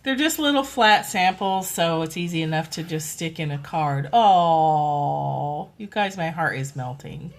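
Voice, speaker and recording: A middle-aged woman chatting casually on a phone livestream at home, talking softly and cooing now and then to toddlers. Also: low voice, animated, a little slow. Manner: chatty, soft, coos to toddlers. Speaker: livestream host.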